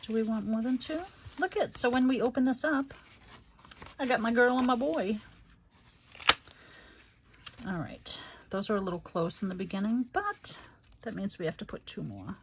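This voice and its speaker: A woman's voice: a little high, expressive, moderate pace, pauses often, a little hiss or hum. A middle-aged woman hosting a crafting livestream, chatting casually and fondly, calling viewers honey and rambling with many fillers.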